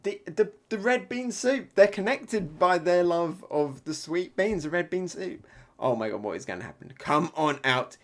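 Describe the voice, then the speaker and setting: Excitable man reacting live. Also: sits high, normal speed. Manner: excitable, laughs often, reads panels aloud. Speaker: manga reaction reviewer.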